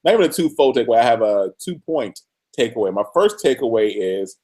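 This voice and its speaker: Animated man co-hosting a TV recap. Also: medium pitch, brisk, slightly rough. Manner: animated, laughs easily. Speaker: podcast co-host. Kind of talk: casual TV recap chat.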